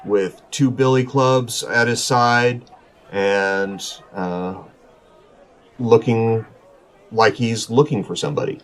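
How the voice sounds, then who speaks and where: Unhurried man running a tabletop game. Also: lowish voice. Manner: relaxed narration with frequent filler pauses. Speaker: game master and podcast host.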